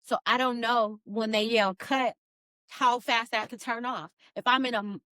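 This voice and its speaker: A woman's voice: on the high side, fairly even intonation, moderate pace, bright, forceful tone, dry recording, clean studio sound. A woman talking casually on a podcast, thinking aloud and filling her speech with "like" and "you know". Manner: conversational, thinks aloud with many "like"s. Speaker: podcast guest.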